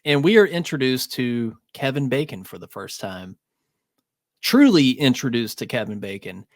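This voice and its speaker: A man appearing as a guest on a film review podcast, giving measured, considered opinions in a casual chat. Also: mid-range voice, very animated, dry recording, clean studio sound.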